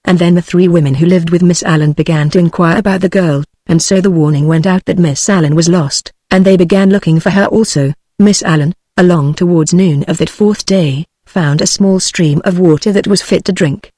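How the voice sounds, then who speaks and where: A synthetic female text-to-speech voice with a British English accent, reading a novel as an audiobook narrator in an even, measured way. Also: on the low side, no echo, clean studio sound. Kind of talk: scripted narration.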